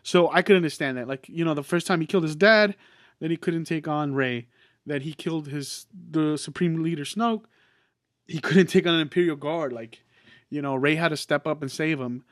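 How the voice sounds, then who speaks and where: Excitable, swearing man with a fairly high voice. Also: normal speed, dry recording, clean studio sound. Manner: excitable, swears freely, many fillers and restarts. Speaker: podcast host reviewing a film. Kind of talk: casual spoken movie review.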